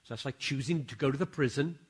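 A man preaching from a stage microphone in a large sanctuary. His voice sits at an ordinary male pitch. He moves between quiet, confiding asides and sudden loud, emphatic bursts. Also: quick pace, breathy edge. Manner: dynamic, swings from hushed asides to loud emphatic exclamations. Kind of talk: sermon.

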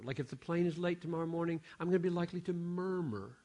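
A man preaching a sermon, swinging from hushed asides to loud, emphatic exclamations. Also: a little high, fast.

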